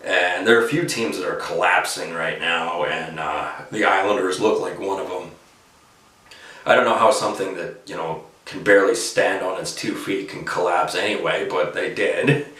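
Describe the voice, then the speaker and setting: A man's voice: low-pitched, normal speed, sharp tone, recorded from a distance. A man giving his hockey opinions in casual, rambling talk, full of fillers. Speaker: hockey commentator. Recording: echoey room, voice off-mic.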